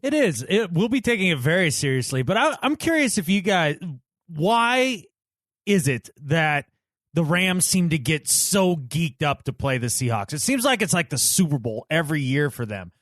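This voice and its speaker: A man co-hosting a sports podcast has a fairly high voice that swings up and down a lot as he teases and chats. The sound is dry and close. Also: big pitch swings, normal speed, fairly bright tone, no room sound. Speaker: podcast co-host. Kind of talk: casual sports podcast chat.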